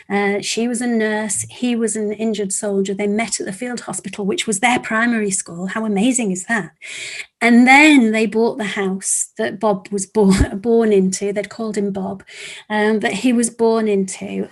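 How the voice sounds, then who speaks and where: Woman telling a teaching story, bit high voiced, does all the voices. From England. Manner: animated storyteller, acts out children's voices and beeps. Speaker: webinar presenter, teacher trainer. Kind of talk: storytelling talk.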